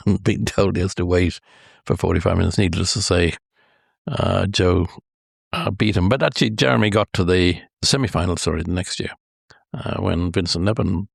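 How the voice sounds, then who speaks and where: Older irish man, low gravelly voice, rambling anecdotal storyteller, dry close sound. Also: no echo. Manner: rambling, many hesitations, chuckles at his own stories. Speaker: golf historian guest.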